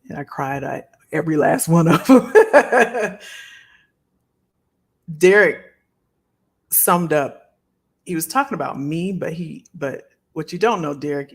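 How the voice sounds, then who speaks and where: A woman's voice: low voice, measured pace, vocal fry, husky. A middle-aged woman hosting a live stream, chatting casually and heartfelt with her viewers and often repeating phrases. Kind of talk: casual chat to a live audience.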